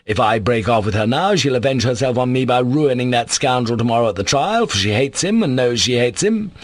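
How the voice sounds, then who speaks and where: A man voicing a bitter, sardonic young man in an audiobook, sharp and contemptuous in tone. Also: mid-range voice, lively intonation, a little fast, no echo, voice pushed up, lightly acted. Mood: irritable. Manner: sharp, contemptuous, scornful delivery. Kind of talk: audiobook character voice.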